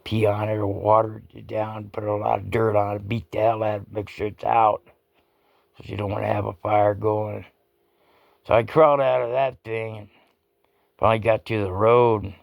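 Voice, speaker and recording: A man's voice: fairly low pitch, little pitch movement, normal speed, vocal fry, no room sound, lo-fi sound. A man rambling through a personal anecdote in a salty, folksy way, swearing casually and often restarting his sentences. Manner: salty, profane, folksy talk with many restarts. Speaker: storyteller.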